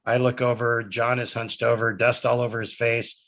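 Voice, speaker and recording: A man's voice: medium pitch, level tone, moderate pace, fairly bright tone. A man, a podcast guest, telling a long personal story in casual conversation, wandering and correcting himself as he goes. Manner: rambling anecdotal storytelling with self-corrections. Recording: dull lo-fi podcast audio.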